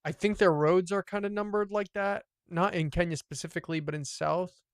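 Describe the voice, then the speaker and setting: He plays and streams live, talking briskly in a boastful, foul-mouthed way that swings between excited shouting and low muttering. No echo, clean studio sound.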